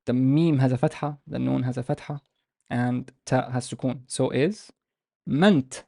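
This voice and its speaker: A man teaches a language class over a video call, pausing and restarting as he explains. His voice is gravelly and mellow, and it sounds dry and close to the mic. He slows down and stretches out example words so the sounds are heard clearly. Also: mid-range voice, little pitch movement, dry recording. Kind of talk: online language lesson.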